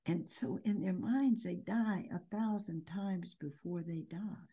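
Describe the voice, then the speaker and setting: A woman's voice: fairly low pitch, warm tone, husky. A nun and activist answering interview questions in an earnest, emphatic way, building her points through stories. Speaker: nun and anti-death-penalty activist, interview guest.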